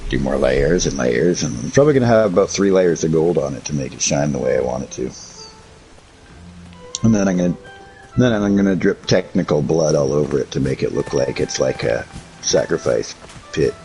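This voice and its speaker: A man's voice: a bass voice, expressive, fairly quick, gravelly, warm tone, soft background music, poor audio. A man streaming casual chat while painting miniatures, telling profane, rambling stories.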